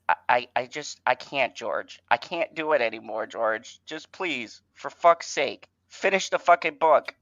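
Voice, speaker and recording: A man hosting a casual fan podcast, swearing and stammering, swinging between exasperation and excitement. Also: medium pitch, creaky, no room sound, highs cut off. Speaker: host.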